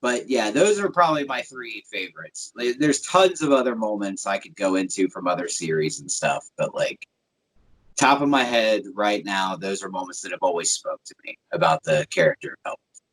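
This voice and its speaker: A man's voice: on the low side, expressive, moderate pace, fairly bright tone, rough recording. A man cohosting a podcast, rambling in casual chat and swearing casually.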